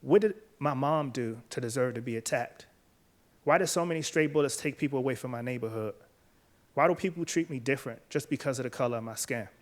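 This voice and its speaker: A man, earnest and measured, telling his own story on stage to an audience. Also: medium pitch. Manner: earnest, measured, quiet at emotional moments. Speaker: author and speaker. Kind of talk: personal storytelling talk, then interview answers. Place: event stage before a live audience.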